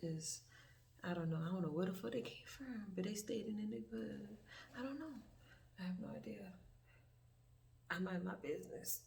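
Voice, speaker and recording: A woman's voice: medium pitch, normal speed, vocal fry, long pauses, darkish tone, slight background noise. A young woman telling a storytime in a laid-back, rambling way, swearing freely and acting out dialogue. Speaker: vlogger. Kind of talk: casual storytime.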